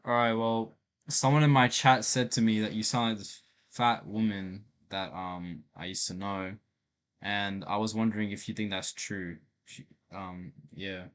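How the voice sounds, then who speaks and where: A man's voice: fairly low pitch, fairly even intonation, a little slow, a bit bright. A man streaming a casual chat with an AI, talking in a blunt, teasing, slangy way.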